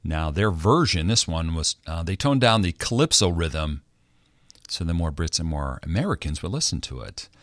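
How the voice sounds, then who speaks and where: Deep-voiced, lively middle-aged male DJ. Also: moderate pace, dry recording, studio quality. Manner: chatty, playful storytelling. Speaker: radio DJ host. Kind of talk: chart countdown commentary.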